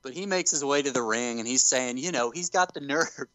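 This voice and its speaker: A man hosting a podcast, telling a story with animated enthusiasm in casual chat. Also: medium pitch, a little fast, no room sound, rough recording. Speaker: podcast host.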